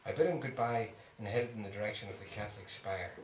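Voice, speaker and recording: A man's voice: lowish voice, quick pace, slight background noise. A man giving a lecture, reading his own memoir aloud with an amused storyteller's manner, in an echoey hall heard from far off. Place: lecture room.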